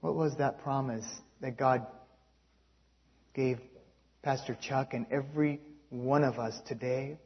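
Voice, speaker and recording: A man preaching a sermon, telling a story in an animated way and reading quotes aloud. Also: medium pitch, a little slow, pauses often. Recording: dull lo-fi recording.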